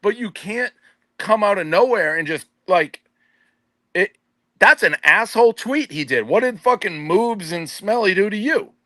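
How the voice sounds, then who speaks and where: A man's voice: high voice, expressive, measured pace, sharp tone, no room sound. A man on a podcast panel, ranting in a profane, exasperated and blunt way. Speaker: company boss on a podcast panel. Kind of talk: heated casual rant.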